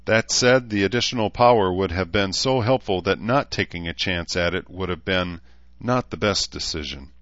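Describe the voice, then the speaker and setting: Guy playing a chill wise lord type, lays things out calmly, lowish voice, lo-fi sound. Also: moderate pace, no echo. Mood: calm, reasoned. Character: calm, thoughtful male noble commander. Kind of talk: audiobook character voice.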